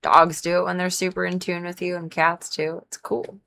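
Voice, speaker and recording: A woman's voice: on the low side, level tone, normal speed, gravelly, pushed and bright. A young woman hosting a casual gaming livestream, chatting in a rambling way full of "like", sleepy and a little stuffy-nosed. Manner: rambling, chatty, many "like" fillers. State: sleepy, yawning, stuffy nose. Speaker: livestream host. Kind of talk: casual gaming stream chat.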